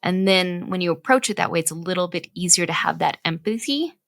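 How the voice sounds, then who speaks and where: Speaking briskly and expressively, a thirtysomething mother who co-hosts a podcast explains parenting ideas earnestly, peppering her casual chat with "right?". Her lowish voice carries vocal fry and a slightly bright tone, with no room sound.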